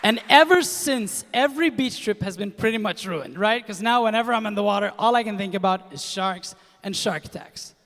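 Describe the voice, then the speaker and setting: A young man from Kuwait performs stand-up comedy, animated and slipping into other people's voices as he tells his stories. His voice sits high, and the live show rings with long hall reverb. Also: normal speed, hardly any pauses. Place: comedy stage in a large hall with a live audience.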